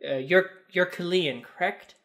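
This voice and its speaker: A man narrating a tabletop role-playing game as game master, describing scenes in a halting way with many fillers. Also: high-pitched, fairly bright tone.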